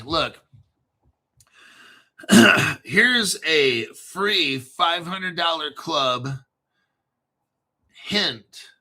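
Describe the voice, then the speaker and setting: A man's voice: a little high, animated, extremely slow, long pauses, pushed and bright. A man hosting a crypto channel, ranting brashly and sarcastically and swearing a lot. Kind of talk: profane ranting monologue.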